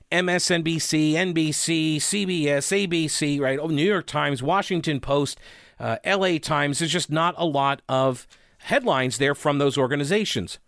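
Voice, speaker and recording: A man's voice: on the high side, gravelly, fairly bright tone, no echo. Sarcastic male political commentator, dry sound. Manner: sarcastic, conversational, reads headlines aloud. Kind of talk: opinion commentary reading headlines.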